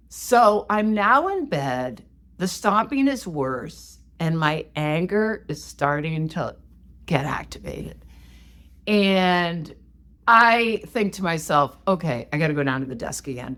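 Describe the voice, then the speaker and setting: A woman co-hosting a podcast, telling a story in a casual, animated, self-mocking way. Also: on the low side, measured pace. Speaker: podcast co-host.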